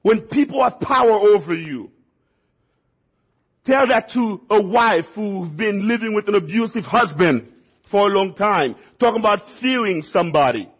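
Man, preacher, high-pitched, husky, sermon, folksy storytelling, repeats words for emphasis. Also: lively intonation, a little slow, fairly bright tone.

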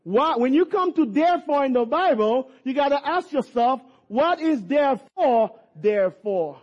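A man preaching a sermon with passion, at times rising to shouts, repeating and stumbling over words. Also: extremely high pitch, lively intonation, a little slow. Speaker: pastor. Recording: dull lo-fi recording.

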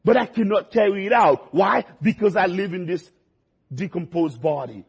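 Husky high-voiced male preacher. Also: normal speed. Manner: preaching with swings between quiet low passages and rising emphatic ones. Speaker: pastor. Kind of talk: sermon.

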